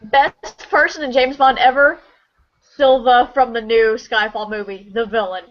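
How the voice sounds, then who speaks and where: A woman's voice: on the high side, fairly even intonation, unhurried, a crowd in the background. A woman co-hosting a casual group chat, chatty and enthusiastic. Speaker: podcast co-host. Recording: dull lo-fi stream audio.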